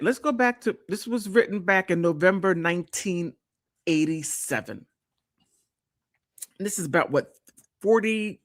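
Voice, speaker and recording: A woman hosting a live stream, chatting casually and reading from an old article, often exclaiming and restarting her sentences. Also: fairly low pitch.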